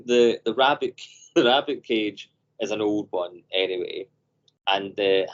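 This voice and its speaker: A man co-hosting a podcast over a video call, telling animated stories and acting out voices. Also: lowish voice, muffled recording. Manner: animated storyteller, acts out voices. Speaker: podcast co-host. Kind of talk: casual chat.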